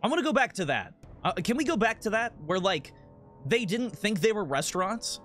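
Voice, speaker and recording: A man streaming a game, chatting casually in a rambling, profane, animated rant. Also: high voice, a little fast, soft background music.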